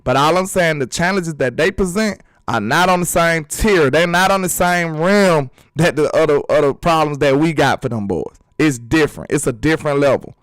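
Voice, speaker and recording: A man hosting a casual sports talk vlog, animated and emphatic, full of rhetorical questions. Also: a little high, normal speed, few pauses, no echo. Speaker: sports channel host.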